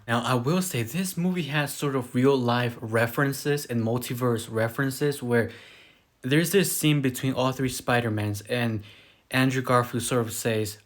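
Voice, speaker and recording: A man's voice: mid-range voice, moderate pace. A man casually recapping a film plot in a loose, rambling way, full of fillers. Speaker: movie reviewer. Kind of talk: casual spoken movie recap.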